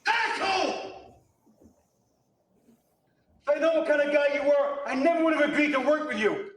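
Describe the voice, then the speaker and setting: A furious crook yelling, super high pitch, echoey and far off, film scene. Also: male voice, animated, moderate pace. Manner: yelling, exasperated.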